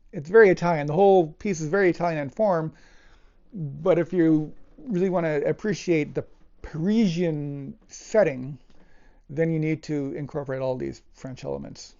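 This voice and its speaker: A man giving a casual cello lesson, talking in a thoughtful, hesitant way with fillers and restarts. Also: on the high side. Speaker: cello teacher. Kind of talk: casual music lesson talk. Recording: dull lo-fi audio with loud cello playing. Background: loud cello music.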